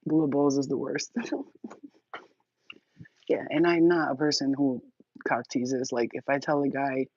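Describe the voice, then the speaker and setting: A woman's voice: a bass voice, little pitch movement, unhurried, pauses often, a little mellow, no echo, lo-fi sound. A woman in her forties telling crude, frank stories to a phone camera, laughing often. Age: 40s. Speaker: channel host. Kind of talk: candid storytelling to camera.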